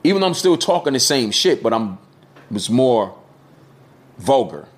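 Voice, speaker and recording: A man's voice: mid-range voice, very animated, normal speed. A middle-aged man, a podcast guest, talking candidly and casually with slang, swearing now and then. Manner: candid, storytelling, peppered with slang and cussing.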